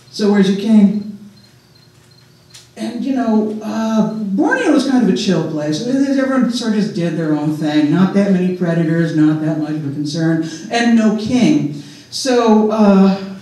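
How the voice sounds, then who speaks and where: A man's voice: sits high, expressive, moderate pace, dark tone. A man telling a folk tale live to an audience, casual and chatty, with joking asides. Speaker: storyteller. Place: large hall with a live audience. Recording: echoey hall, voice from far off.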